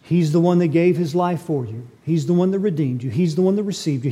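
A man's voice: on the high side, brisk, hardly any pauses, mellow, husky. A man preaching a sermon as pastor, emphatic and full of rhetorical questions.

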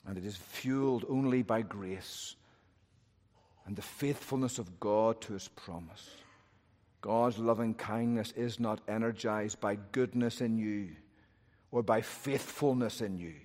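A man preaching a sermon, moving between loud, urgent peaks and hushed, low phrases. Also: measured pace. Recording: long hall reverb.

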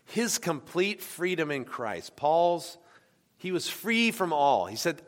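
A man's voice: fairly high pitch, sing-song, slow. A man from the United States preaching a sermon in a conversational way, often asking the congregation questions. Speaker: pastor. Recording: long hall reverb.

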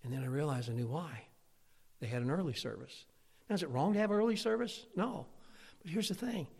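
A man preaches an emphatic sermon, his voice pitched a little high. His words swell and drop in loudness as he drives each point home. The sound rings with the long reverb of a church hall. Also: a little fast, creaky, husky. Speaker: pastor.

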